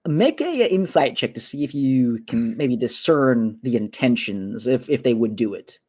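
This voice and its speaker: A man's voice: mid-range voice, animated, a little mellow, breathy edge. Man running a tabletop game online. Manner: halting, full of fillers and restarts. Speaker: game master. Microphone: online voice call.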